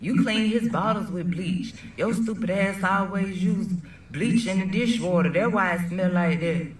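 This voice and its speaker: A woman's voice: medium pitch, a little slow, recorded from a distance, slight background noise, pitched above the performer's own voice, close to an everyday voice. A woman voicing a dismissive young man hurling blame, recorded in a roomy space. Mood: scornful. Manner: scornful, blaming.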